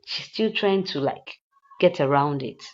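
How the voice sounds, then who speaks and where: A woman's voice: low voice, animated, a little slow, dull audio. A woman, chatting through a film recap and adding moral asides. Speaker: movie reviewer. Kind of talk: casual film recap and commentary.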